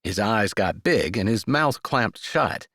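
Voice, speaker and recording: A man narrating a sweet romance audiobook in a scripted, expressive reading. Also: lowish voice, slow, no echo, studio quality.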